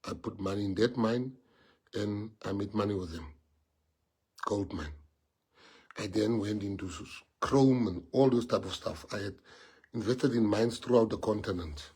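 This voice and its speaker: A middle-aged South African man, a party leader, speaking to followers on a social media livestream in short anecdotal bursts whose loudness swings from lively to low. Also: normal speed, slightly rough. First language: Afrikaans. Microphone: phone or computer mic on a social media livestream.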